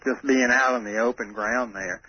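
A man's voice: mid-range voice, steady tone, moderate pace. Hesitant man calling into a radio show. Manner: hesitant, chatty, lots of uh fillers. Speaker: caller. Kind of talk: phoned-in radio call. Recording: muffled phone call on AM radio with faint noise.

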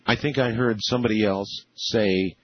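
A man's voice: lowish voice, fairly even intonation, normal speed, husky, muffled recording. A man hosting a radio interview, hesitant and amazed, with many fillers. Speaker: radio show host.

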